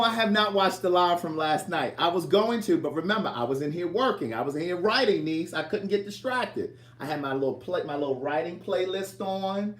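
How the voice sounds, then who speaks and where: Teasing, lively-voiced man in a roomy kitchen. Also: high voice. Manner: chatty, teasing, reads viewer comments aloud. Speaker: livestream host cooking in his kitchen. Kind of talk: casual livestream chat with viewers. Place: home kitchen.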